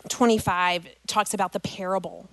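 A mid-range female voice, moderate in pace and captured dry, belongs to a middle-aged woman addressing parents. With emotion and animation, she relates a personal story, ties it back to scripture, and refers to everyone as "guys."

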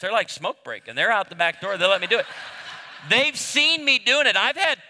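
A pastor in his fifties delivers a sermon full of funny stories. He acts out the other voices as he tells them, and his voice is high-set and very bright and forceful. It carries with a long reverb, as if spoken in a large hall. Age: 50s. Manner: animated storyteller, acts out voices.

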